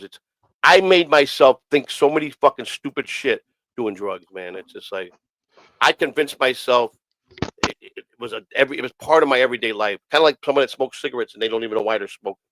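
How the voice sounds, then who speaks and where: A man spins a loose, profane story at a rapid clip, circling back and repeating lines as he goes. His voice sits in a middle pitch, and the recording is dry and close with no room sound. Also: lively intonation, a bit bright, no echo, rough recording. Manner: profane, rambling, repeats himself. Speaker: podcast host. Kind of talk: casual storytelling.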